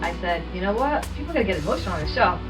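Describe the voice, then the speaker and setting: A woman guest co-host in a casual podcast chat, playful and quick with her replies. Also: medium pitch, sing-song, far from the mic, music in the background. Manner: playful, quick back-and-forth, laughs. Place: studio room with a small audience.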